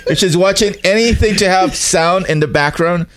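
A man co-hosting a podcast, bantering casually and excitably. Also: sits high, moderate pace. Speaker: podcast co-host. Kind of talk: casual chat.

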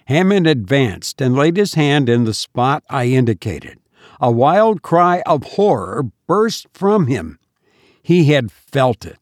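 A man reading a first-person gothic story aloud in a measured, solemn manner. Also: mid-range voice, sing-song, dry recording, studio quality. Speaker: audiobook narrator.

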